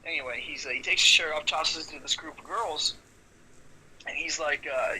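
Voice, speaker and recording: A man with a very bright, forceful, slightly high voice tells rough wrestling stories in a relaxed podcast chat. He swears freely and acts out the lines of the people in his stories. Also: moderate pace, a little hiss or hum, rough recording. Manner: animated storyteller, swears freely, acts out quotes. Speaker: professional wrestler, podcast guest. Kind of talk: casual storytelling chat.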